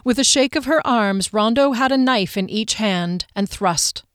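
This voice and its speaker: A woman narrating a fantasy audiobook with a steady, expressive reading. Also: on the high side, measured pace, clean tone, dry recording, clean studio sound. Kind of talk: scripted narration.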